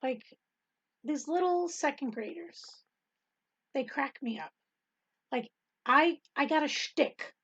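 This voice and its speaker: A woman's voice: high voice, lively intonation, slow, pauses often, a bit bright, muffled recording. A middle-aged woman telling a rambling testimony in casual talk, with many ums and frequent laughter. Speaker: Bible study host and teacher.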